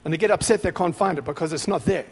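High-voiced man preaching in a reverberant hall. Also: rapid-fire, breathy edge. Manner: emphatic, repetitive exhortation; grows louder and more excited. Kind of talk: sermon.

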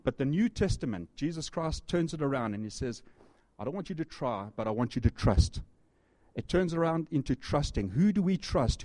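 A male pastor delivers a sermon with a mellow, dark tone. He reads scripture aloud, repeats phrases and asks the congregation questions with earnest emphasis. The sound is dry and close. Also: medium pitch, no echo.

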